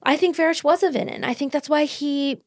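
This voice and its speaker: A woman co-hosting a casual book podcast, talking in an animated, rambling way with quick restarts. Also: high-pitched, no echo, studio quality. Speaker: podcast co-host.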